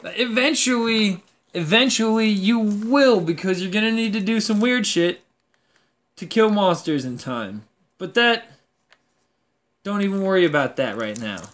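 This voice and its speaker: A young man rants about games to his viewers in a loose, profane, rambling way. His voice sits high and comes out bright and forceful. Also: lively intonation, a little slow. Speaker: gaming video host. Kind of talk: casual rant to camera.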